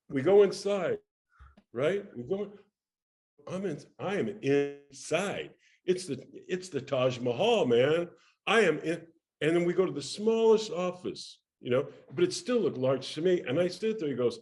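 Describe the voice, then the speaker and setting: An older man with a slightly higher voice spins a long showbiz tale in an interview. He acts out every person he quotes and stumbles over quick restarts as the story runs on. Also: animated, darkish tone. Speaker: actor telling a career story as interview guest. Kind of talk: animated anecdote in casual interview.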